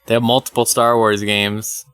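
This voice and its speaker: A man's voice: on the low side, flat delivery, moderate pace, a bit bright, clear, resonant tone, soft background music. A man co-hosting a casual video game podcast, chiming in with brief, dry remarks. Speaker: podcast co-host.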